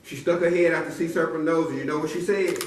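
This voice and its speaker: A man's voice: a little high, fairly even intonation, fast, noisy background. A man telling a silly story to a live audience with playful call-and-response build-ups. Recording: echoey room from far off.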